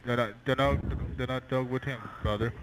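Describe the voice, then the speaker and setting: A man at a scam call center speaks briskly in a steady, medium-pitched voice, switching from scripted politeness to abusive, crude insults and swearing. The call sounds distant, with a hum in the background.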